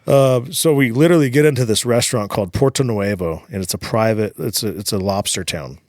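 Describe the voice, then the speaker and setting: A man's voice: fairly low pitch, fairly quick, dry recording, studio quality. A man, a podcast guest, telling his story in casual chat, swearing freely and acting out the lines of people in it. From United States. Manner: profane, animated retelling full of quoted dialogue.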